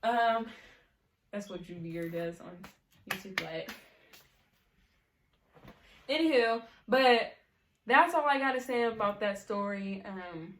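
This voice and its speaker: A woman's voice: mid-range voice, expressive, slow pace, long pauses. A young woman telling a rambling, giggly story to the camera in casual chat. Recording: echoey room, faint noise.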